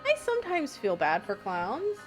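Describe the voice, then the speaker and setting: A woman's voice: high voice, wildly swooping pitch, normal speed, over music. A woman streaming a game live, chatting casually with her viewers, swearing freely and reading game lines aloud. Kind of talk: casual live-stream commentary while playing.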